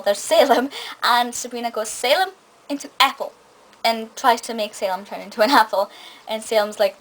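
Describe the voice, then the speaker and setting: A woman's voice: a little high, poor audio. A young woman giving an enthusiastic, chatty spoken review of a TV episode, often restarting her sentences. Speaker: film and TV reviewer.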